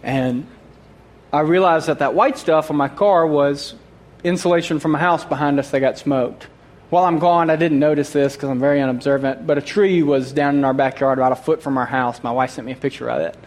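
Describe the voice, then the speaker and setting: Man, storyteller, somewhat high voice, lively, comic asides, laughs mid-sentence. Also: a little fast. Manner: animated, acts out his own quoted thoughts, laughs often. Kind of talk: humorous personal story to a group.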